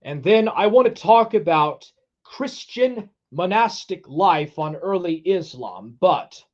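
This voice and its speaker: A man hosting a casual livestream, reading viewer chat aloud in a loose, relaxed way with many fillers. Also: fairly high pitch. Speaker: streamer. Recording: dull lo-fi stream audio.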